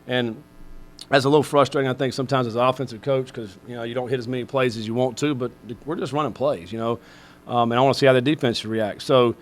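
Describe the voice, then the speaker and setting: Man, middle-aged, football coach, press conference, rambling, filler-heavy, mid pitch. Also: fairly even intonation, quick pace, a little hiss or hum.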